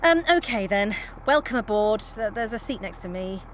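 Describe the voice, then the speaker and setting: A woman's voice: medium pitch, lively intonation, moderate pace, noisy background, natural voice. Woman playing a weary, firm young mum. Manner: curt and firm. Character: weary, sensible young mother. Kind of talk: comedy radio play.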